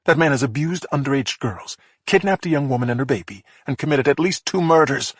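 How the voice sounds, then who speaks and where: A man voicing a sharp-tongued, exasperated female detective in an audiobook, with a husky voice. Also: medium pitch, brisk, no echo, clean studio sound, voice pushed up, lightly acted. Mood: fuming. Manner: exasperated, blunt. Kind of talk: audiobook character voice.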